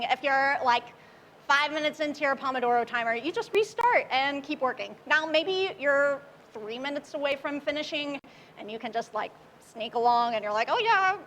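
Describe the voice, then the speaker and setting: A woman's voice: sits high, normal speed, fairly bright tone, slight background noise. A young woman from Oklahoma giving a casual, upbeat and chatty talk at a tech meetup. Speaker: meetup speaker.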